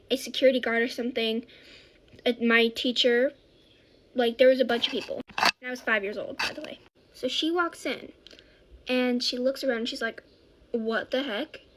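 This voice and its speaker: Chatty woman storyteller, self-correcting, slightly high voice. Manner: rambling, self-correcting, animated. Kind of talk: casual storytime.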